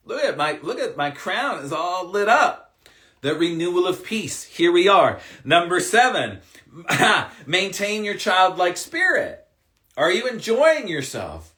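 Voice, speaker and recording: A man's voice: a little high, sharp tone. A man doing a live-stream card reading as a spiritual coach, upbeat and emphatic, with casual swearing.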